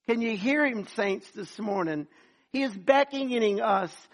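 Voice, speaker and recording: A man with a high voice preaches to his congregation. He calls out to the people and acts out the voices of the people in his sermon. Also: measured pace. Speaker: pastor.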